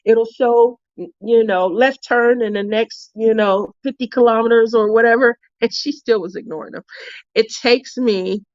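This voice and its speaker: Female craft vlogger, casual and giggly, a bit high-pitched, dull lo-fi audio. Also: fairly even intonation, moderate pace, a little mellow, no echo. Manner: chatty, laughs often. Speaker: craft channel host. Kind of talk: casual chat. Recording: dull, dry lo-fi recording.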